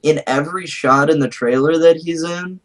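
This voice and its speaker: A man's voice: a little high, moderate pace. A man co-hosting a comics podcast over an online call, making short laid-back remarks. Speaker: podcast co-host. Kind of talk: casual podcast chat.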